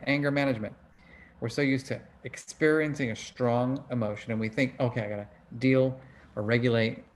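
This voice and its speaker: A middle-aged man hosting an online book club over a video call, teaching in a casual, conversational way and asking his audience questions. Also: mid-range voice. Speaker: book club host and emotion researcher.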